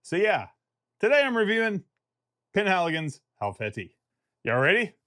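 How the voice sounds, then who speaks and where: A man's voice: high voice, big pitch swings, moderate pace, bright, forceful tone, dry recording, clean studio sound. A man giving a casual fragrance review vlog. He talks in a chatty, rambling way and jokes at his own expense.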